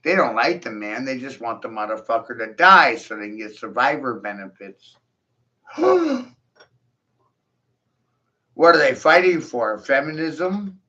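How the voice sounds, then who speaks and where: A man's voice: medium pitch, lively intonation, normal speed, few pauses, pushed and bright. A man in a profane, mocking rant, taunting his listeners and breaking into scornful laughs. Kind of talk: ranting monologue. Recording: dull lo-fi recording.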